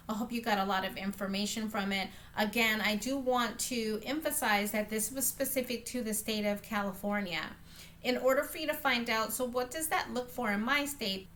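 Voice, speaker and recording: A woman's voice: medium pitch, a bit bright, slight background noise. A woman who runs a home care agency, walking viewers through application forms in a friendly, conversational tutorial and calling them guys. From United States. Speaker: home care agency owner and channel host. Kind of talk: screen-share tutorial walkthrough.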